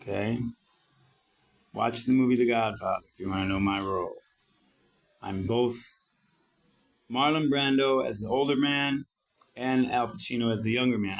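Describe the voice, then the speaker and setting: This gravelly, lowish voice belongs to a middle-aged man from Italy who works as a founder and vlogger. Keeping his intonation fairly even, he talks at a moderate speed with long pauses, cursing his way through a combative, self-promoting rant as he edits his page.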